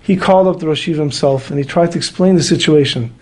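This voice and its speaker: A man with a high voice tells a moral story as a sermon. He is animated. He moves in and out of the characters' voices. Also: quick pace. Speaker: speaker telling a moral story.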